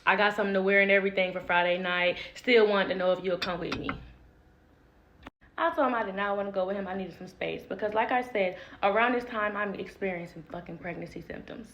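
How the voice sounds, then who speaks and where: A woman's voice: medium pitch, brisk, a bit bright, muffled recording, a little hiss or hum. A young woman telling a personal story in a casual, candid way, swearing and laughing easily.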